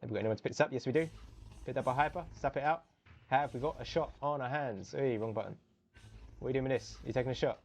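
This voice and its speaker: A young man casting a live video game match on his own, chatty and self-correcting, then jumping to loud, high exclamations on big plays. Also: fast talker. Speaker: esports caster. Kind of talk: solo live game commentary.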